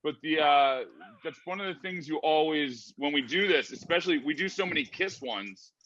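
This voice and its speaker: Bright-voiced, hesitant man hosting a podcast. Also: a little high, normal speed, no room sound, dull audio. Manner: hesitant, restarts often. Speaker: podcast host. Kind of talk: casual chat.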